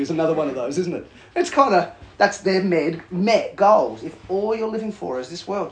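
A fairly high-voiced man delivering a sermon in a loose, conversational style. His delivery swings widely in pitch as he jokes, questions the room and reads scripture. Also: normal speed. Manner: conversational, animated, jokes with congregation. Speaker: pastor.

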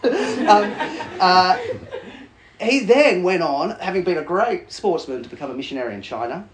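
A fairly high-voiced man delivering a sermon in a loose, conversational style. His delivery swings widely in pitch as he jokes, questions the room and reads scripture. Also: normal speed, noisy background. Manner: conversational, animated, jokes with congregation. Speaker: pastor.

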